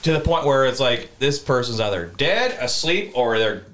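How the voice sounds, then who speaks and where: Casual male podcast co-host, lively up-and-down delivery, sharp bright tone, rambling and profane. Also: medium pitch, normal speed. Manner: rambling, animated, swears freely. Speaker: podcast co-host telling a story. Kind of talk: casual storytelling chat.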